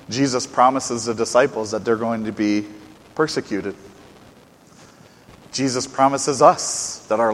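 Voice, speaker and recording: A man preaching a sermon, getting loud for emphasis and dropping quiet for asides. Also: medium pitch, long reverb tail, low-quality recording. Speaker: pastor.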